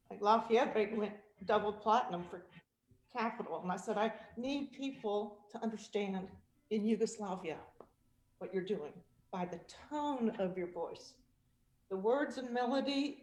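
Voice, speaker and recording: Animated woman coaching singers, echoey room. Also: a little high. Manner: animated, demonstrative, laughs often, sings vocal exercises. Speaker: vocal coach and guest speaker. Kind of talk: vocal technique demonstration. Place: virtual meeting. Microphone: video call.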